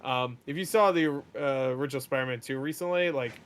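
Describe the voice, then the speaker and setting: A young man hosting a podcast, rambling and swearing as he recaps a movie and acts out the characters in quick paraphrase. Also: medium pitch, a bit bright, clear, resonant tone. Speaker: podcast host.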